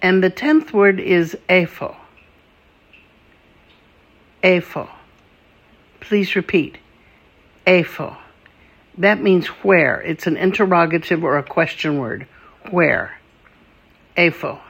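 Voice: mid-range voice, takes it slowly, creaky, long pauses, a bit bright, husky. A language teacher running a patient vocabulary drill, saying each word and asking the listener to repeat it.

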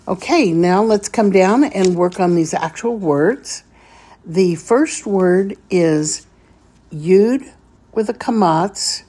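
A woman's voice: fairly low pitch, expressive, slow pace, warm tone, husky. A woman teaching a beginners' Hebrew reading lesson, patiently sounding out each syllable step by step.

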